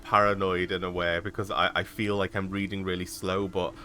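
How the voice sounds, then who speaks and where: A man's voice: sits low, little pitch movement, fairly quick, sharp tone. A man streaming a video game, chatting casually and joking as he reacts aloud to what happens on screen. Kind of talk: casual gaming chat. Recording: live stream with faint noise.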